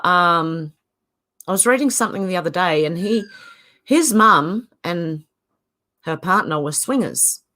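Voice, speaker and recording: An Australian woman with a fairly low, slightly bright voice hosts a casual livestream. She chats away, greeting viewers by name and reading their comments aloud.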